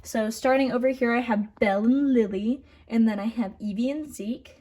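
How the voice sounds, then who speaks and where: In a slightly high voice at normal speed, a young woman chats happily through a casual tour of her model horse collection. Now and then she stutters or restarts, and some asides fade off softly.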